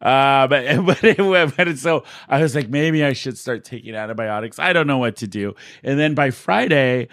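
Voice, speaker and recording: A man's voice: medium pitch, moderate pace, few pauses, no room sound, studio quality. Chatty man, voice a bit worn. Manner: animated storyteller, puts on quoted voices. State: voice a little worn. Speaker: podcast host. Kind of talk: casual chat.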